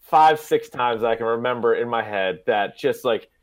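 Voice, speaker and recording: A young man hosting a podcast, swapping stories about a favorite comedy with a friend. He talks in a loose, animated way, his pitch jumping as he acts out the characters' lines. He laughs a lot as he goes. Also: moderate pace. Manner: animated storyteller acting out movie quotes, laughing often. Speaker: podcast host. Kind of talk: casual chat.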